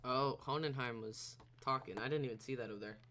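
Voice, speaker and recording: A man's voice: medium pitch, a little fast, bright, forceful tone, slight background noise. A man streaming a game, casually commenting on his moves and laughing often as he reacts to chat.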